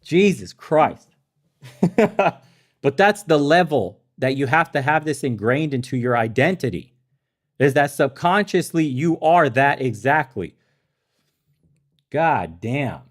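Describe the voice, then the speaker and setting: A man's voice: medium pitch, lively intonation, measured pace. Heated, foul-mouthed male podcast ranter. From immigrant to America. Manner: heated, swearing, laughs at himself. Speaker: podcast host. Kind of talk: profane ranting commentary. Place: in the Balkans.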